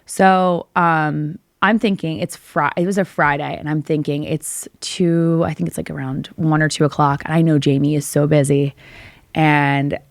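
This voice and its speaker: A woman's voice: low-pitched, level tone, normal speed, gravelly, no echo, studio quality. A woman on a podcast, telling a personal story with feeling and acting out both sides of the conversations. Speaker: podcast co-host. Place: podcast studio.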